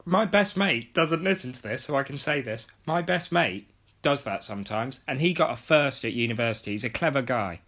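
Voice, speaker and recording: A man's voice: mid-range voice, lively intonation, fairly quick, fairly bright tone. A man co-hosting a casual podcast chat, jokey and full of puns. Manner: jokey, pun-making, chatty. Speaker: podcast co-host.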